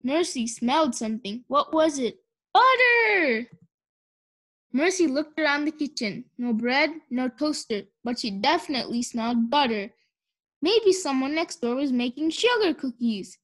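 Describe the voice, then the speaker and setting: High-voiced woman reading a children's story. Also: animated, moderate pace. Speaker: audiobook reader. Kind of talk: children's storybook read-aloud.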